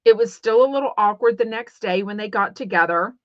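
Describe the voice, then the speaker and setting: This podcast host is a middle-aged Texan woman with a Texan accent, chatting her way through a rambling, casual livestream thick with fillers and restarts. She speaks a little fast in a mid-range voice. The sound is dull, lo-fi and dry, with no echo.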